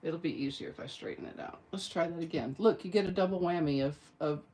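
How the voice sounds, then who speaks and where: A woman's voice: low voice, quick pace, dark tone, slight background noise. A woman giving a casual card-making tutorial, chatty and folksy, talking to viewers as she works. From American South. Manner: chatty, folksy, talks to viewers while working.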